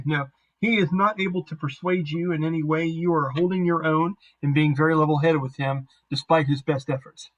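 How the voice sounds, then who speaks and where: Self-deprecating game master, male, slightly higher pitch, online session. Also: low-quality recording. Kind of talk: narrating a tabletop game over a voice call.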